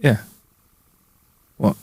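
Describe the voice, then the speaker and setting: A man's voice: extremely slow, a little mellow, no room sound. Man, podcast co-host, jokey banter, dry close mic. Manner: jokey, laughs often, rambling asides. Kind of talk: casual chat, reading jokes aloud.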